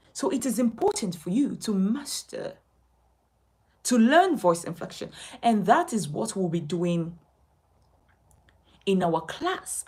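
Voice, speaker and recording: A woman's voice: medium pitch, darkish tone, rough recording. A woman from Nigeria with a Nigerian accent, a communication coach urging viewers emphatically to sign up for her class and repeating her points. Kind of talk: direct-to-camera class promotion.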